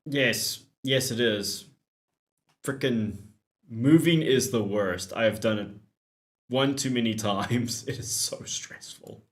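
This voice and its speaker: A man's voice: mid-range voice, slow pace. A man hosting a gaming channel, giving joking, chatty let's-play commentary while reading the dialogue.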